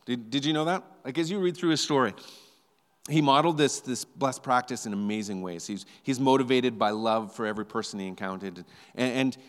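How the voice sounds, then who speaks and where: In a large hall, a male pastor preaches fairly quickly with a medium-pitched voice. His sermon unfolds as lively, conversational storytelling, and he often repeats words as he goes.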